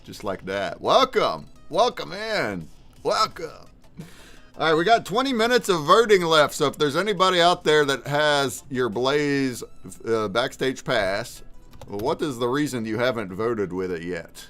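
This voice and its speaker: A man's voice: mid-range voice, expressive, measured pace, a bit bright, faint music behind. A man hosting a livestream in casual chat, hyped and calling out viewers by name. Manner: hyped, calls out chatters by name. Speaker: livestream host.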